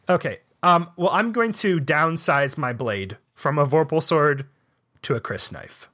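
A man's voice: fairly high pitch, expressive, slow pace, long pauses, sharp tone. A man in casual comedic banter, hesitant and full of fillers. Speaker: game player.

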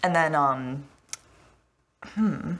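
A woman's voice: sits low, extremely slow, a bit bright. A woman playing a tabletop game, describing her character's moves while thinking aloud. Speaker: player.

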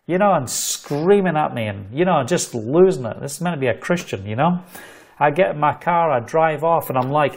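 A middle-aged man delivers a livestreamed sermon with fervent conviction. His voice sits a little high, and he tells stories while repeating phrases for emphasis. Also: expressive, normal speed. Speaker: preacher.

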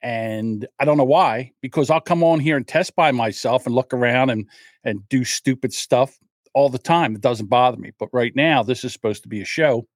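A man's voice: mid-range voice, moderate pace, dry recording. Older male podcast host, solo, chatty and jittery, mid-range voice, dry close sound. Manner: rambling, self-deprecating, openly nervous. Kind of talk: solo livestream chat.

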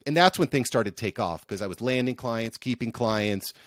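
Upbeat energetic man, dry close sound. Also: mid-range voice, moderate pace, no echo. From United States. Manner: upbeat, energetic, animated storyteller. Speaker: podcast production agency founder, guest. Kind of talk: casual interview storytelling.

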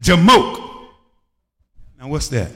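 A bright, ringing man's voice preaches with wide swings of pitch, breaking into shouts and sing-song lines. He leads a congregation in call and response. The sound carries long reverb from a church hall. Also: sing-song, slow pace. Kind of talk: lively sermon with call and response.

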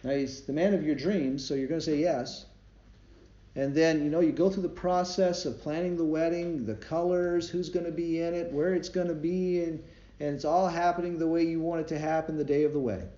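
A man's voice: on the high side, fairly even intonation, a little fast, dark tone. Man preaching in a roomy hall. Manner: conversational, storytelling preaching with laughs. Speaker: devotion speaker. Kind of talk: sermon. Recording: roomy, slightly dull recording with faint ambience.

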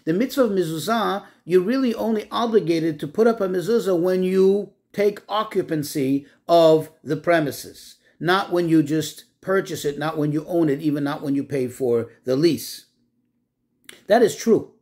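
Man, Torah lesson, slightly high voice, rhetorical questions, slows on key terms. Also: darkish tone. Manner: rhetorical questions, slows to stress Hebrew words. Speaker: Torah teacher. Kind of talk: Torah class on the weekly portion.

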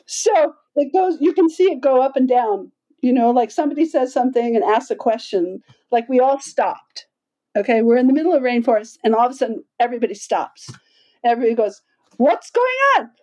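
Woman guest, high mellow voice, vivid storyteller who acts out quotes with laughter. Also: poor audio. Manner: animated, acts out quoted voices with big pitch jumps; laughs often while talking. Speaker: podcast guest. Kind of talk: storytelling in conversation.

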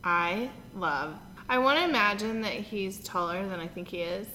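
A bubbly woman in her thirties chatting casually, her voice bright and forward. She laughs easily and tells stories with animation. The room rings with a long echo, and a faint hiss sits underneath. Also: mid-range voice, moderate pace. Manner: bubbly, giggly, animated retelling. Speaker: podcast co-host. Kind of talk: casual chat. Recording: roomy reverb with faint noise.

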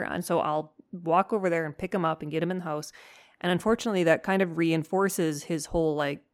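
A woman with a lowish voice tells stories as the host of a dog-training podcast. She is animated and candid, swears freely, and acts out her own lines as she goes. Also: quick pace. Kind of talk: casual storytelling monologue.

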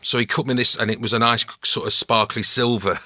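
A middle-aged man with a Mancunian accent, telling stories as a podcast guest in a relaxed, self-mocking way. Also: mid-range voice, a little fast, no room sound, clean studio sound. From Manchester, England. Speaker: guest actor and voice-over artist. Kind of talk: casual podcast chat.

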